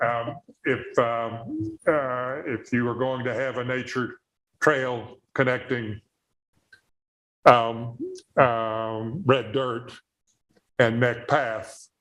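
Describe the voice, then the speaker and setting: A man from Texas with a Texan accent, speaking at a town board meeting in a halting, apologetic way with many fillers and dry jokes. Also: mid-range voice, expressive, fairly bright tone, rough recording. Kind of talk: public comment at meeting.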